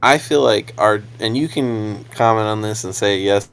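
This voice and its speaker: A man's voice: lowish voice, normal speed, vocal fry, a bit bright, slight background noise. A young adult man, a preacher co-hosting a podcast, chatting casually in a rambling way, repeating words and laughing often.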